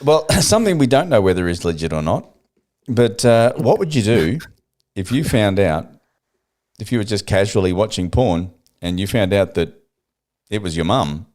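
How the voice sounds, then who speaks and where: A man's voice: on the low side, animated, normal speed, darkish tone. Jokey man co-hosting. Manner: chatty, jokey, acts out calls. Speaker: podcast co-host. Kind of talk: casual chat.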